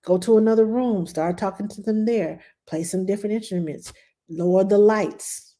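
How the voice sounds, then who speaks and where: A middle-aged woman hosts a live question-and-answer stream as a nanny. Her voice is warm and relaxed, her pitch sits in the middle, and she talks in a loose, chatty way, reading viewer questions aloud as she goes. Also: normal speed. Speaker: nanny giving parenting advice.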